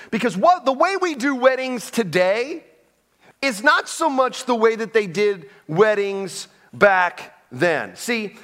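A man's voice: high voice, a bit bright. A man preaching a sermon as pastor, in a conversational way with frequent restarts and asides. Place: church sanctuary. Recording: long hall reverb.

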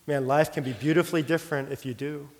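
A middle-aged man preaching a sermon, telling a personal story in an earnest, heartfelt way and sometimes dropping his voice soft. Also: a little high, steady tone, fast talker. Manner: earnest storytelling, drops soft for quoted prayer. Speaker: pastor. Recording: long hall reverb.

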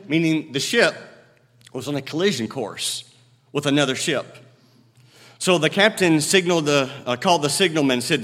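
A male pastor delivering a sermon in a fairly high voice, with a long hall reverb trailing each phrase. He drives his points home with loud emphatic declarations, then drops low and quiet to tell a story. The sound is that of a church sanctuary. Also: moderate pace.

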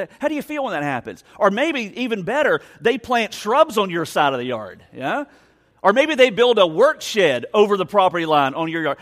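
A man's voice: high voice, fairly bright tone. A man in his forties preaching a sermon, chatting with the congregation and telling a story with plenty of questions to the crowd. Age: 40s. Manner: conversational storytelling with audience questions. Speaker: pastor.

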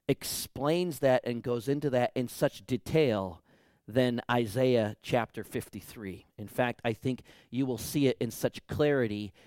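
A man preaching a sermon as pastor, emphatic, swinging between loud declarations and hushed, quiet lines. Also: medium pitch, smooth, no room sound, studio quality.

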